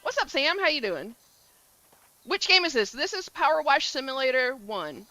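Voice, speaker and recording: A woman's voice: high voice, sing-song, normal speed, pushed and bright, no room sound, faint music behind, low-quality recording. A woman from Georgia with a Southern accent, chatting casually on a game stream and greeting viewers by name. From Georgia, USA. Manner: upbeat, greets chat by name. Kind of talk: casual live-stream chat.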